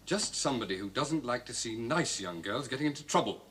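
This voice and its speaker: An actor playing an unflappable gentleman detective, cool and dryly ironic, probing with questions in a 1970s TV crime drama. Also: medium pitch, expressive, a little fast, slight background noise, lightly acted. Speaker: amateur detective.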